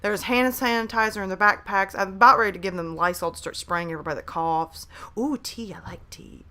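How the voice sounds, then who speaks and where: A woman's voice: medium pitch, fairly quick, pushed and bright. A woman, chatting casually on a live stream at home, hyper and talkative as she reads out messages from chat. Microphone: desk microphone at a laptop.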